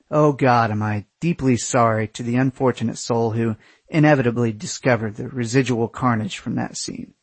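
A young man reads a first-person travel story in a crude, wry storytelling manner. His voice is somewhat husky and sits at a middle pitch. It is recorded dry and close. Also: no echo. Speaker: narrator.

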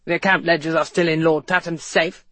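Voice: medium pitch, little pitch movement, brisk, fairly bright tone, dry recording, natural voice. A narrator voicing a nervous, irritable older male police chief who speaks tense and testy in an audiobook. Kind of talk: audiobook character reading.

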